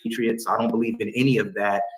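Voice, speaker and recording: A man speaking calmly and deliberately in a debate clip, choosing formal words. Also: lowish voice, low-quality recording. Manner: calm, deliberate, formal wording. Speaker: debate guest. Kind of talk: measured debate speech in a played clip.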